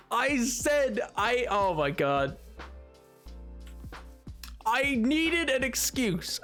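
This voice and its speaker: At his home streaming setup, a male livestreamer with a very high-pitched, fairly bright voice talks into a desk microphone while playing a game. He chats casually and playfully with viewers, rambling and pleading in mock protest as he reacts to chat.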